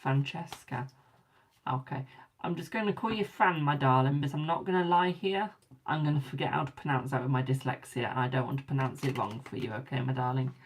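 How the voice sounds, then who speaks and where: A woman's voice: a bass voice, fast talker. A British woman hosting a live tarot stream in casual chat, calling viewers darling, a bit tired and yawning. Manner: chatty, calls viewers darling and boo.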